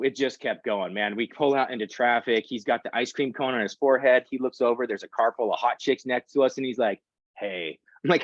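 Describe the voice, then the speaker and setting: A man's voice: medium pitch, no room sound. A middle-aged man giving a storytelling talk as a guest presenter, acting out the voices of the people in his story. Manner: animated storyteller acting out quotes. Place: online meeting talk. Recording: dry, slightly dull audio.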